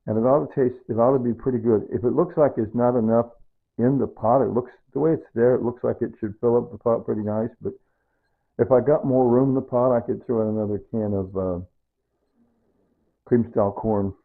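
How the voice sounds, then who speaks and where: Rambling gravelly man, tinny phone-like sound. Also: mid-range voice, fairly even intonation, fairly quick. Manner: rambling, repeats himself. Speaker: home cook. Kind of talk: casual rambling cooking talk.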